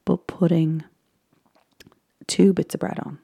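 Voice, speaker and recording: Low, husky Irish woman chatting softly. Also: little pitch movement, slow, no echo, studio quality. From Ireland. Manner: chatty and rambling, drifting into soft whispers. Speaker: recapper commentating a baking show. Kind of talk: casual chat, often whispered.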